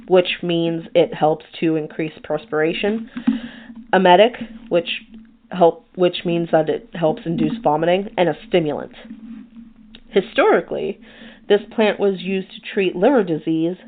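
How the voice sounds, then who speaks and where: A woman hosting a podcast in casual chat, reading from her notes. She is chatty and self-deprecating and stumbles over hard names. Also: fairly low pitch. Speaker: podcast host. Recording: tinny phone-like sound.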